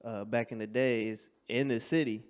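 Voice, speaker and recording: A man, a comedian guest, telling stories in animated, slangy casual chat. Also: medium pitch, moderate pace, clean tone. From Detroit, USA.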